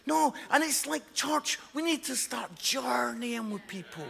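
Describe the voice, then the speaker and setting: Guy preaching in a big echoey church hall, high bright voice, loud and animated, bits of gravel in it. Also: unhurried, few pauses. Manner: animated, loud, often laughing and shouting. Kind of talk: lively sermon with comic stories. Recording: long hall reverb.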